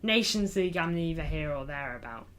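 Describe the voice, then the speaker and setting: A man's voice: a little high, animated, fairly quick, fairly bright tone. Man, football fan streamer, casual live chat, jokey, reads chat aloud, calls viewers lad. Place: indoors in front of a green screen.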